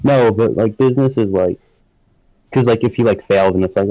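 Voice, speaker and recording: A man's voice: lowish voice, moderate pace, warm tone, no room sound, poor audio. A young man co-hosting a casual live stream chat, rambling with lots of filler words and frequent laughter. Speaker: podcast co-host.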